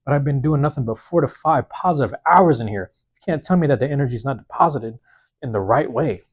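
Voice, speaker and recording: A man with an ordinary, mid-pitched voice gives a solo motivational talk for his podcast, loose and slangy, coming back to the same phrases again and again. His voice is a little hoarse. He speaks into a phone microphone in a small university back room. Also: animated, fast talker. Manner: casual slangy talk, repeats key phrases for emphasis. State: slightly hoarse. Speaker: podcast host. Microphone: plug-in microphone on a phone.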